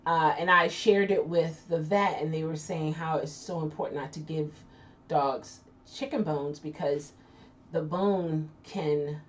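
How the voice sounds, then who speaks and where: She has a deep voice with a steady tone and a measured pace as she hosts a casual live chat reading viewer comments. Loose and chatty, she laughs often and trails into restarts. Faint noise comes from her distant lo-fi mic.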